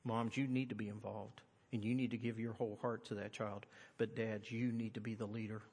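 A middle-aged man preaching a sermon, swinging from loud, high-pitched emphasis to quiet, earnest tones. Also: flat delivery, fairly quick. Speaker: pastor. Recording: long hall reverb.

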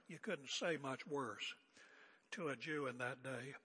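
A man's voice: fairly high pitch, expressive, normal speed, bright, forceful tone, slightly rough, big-room sound. An older man preaching an expository sermon as pastor, conversational and emphatic with joking asides.

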